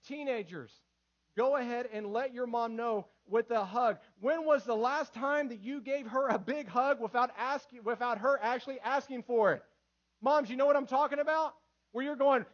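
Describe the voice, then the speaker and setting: A man in his thirties preaching a sermon in church, lively and full of acted quotes. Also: very high voice, normal speed, lo-fi sound. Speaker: pastor.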